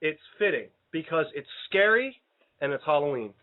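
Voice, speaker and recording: His fairly high-pitched voice swings widely in pitch at a moderate pace. Hosting a laid-back show from a radio studio, he rambles playfully and keeps breaking off his own sentences. The recording has a tinny, phone-like quality.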